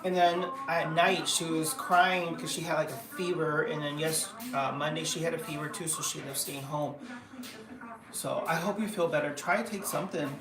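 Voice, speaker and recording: Over music, a middle-aged woman livestreams casually from her home, rambling and restarting with plenty of fillers. She speaks at a moderate pace in a low-pitched voice with fairly even intonation. The audio is echoey, her voice a bit removed from the mic.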